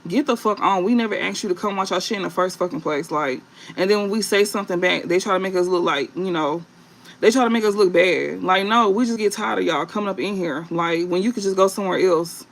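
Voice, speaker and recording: Hosting a tarot reading stream late at night, the man talks bluntly, curses, draws out his fillers and repeats himself. The voice is high and creaky, with a fairly bright tone.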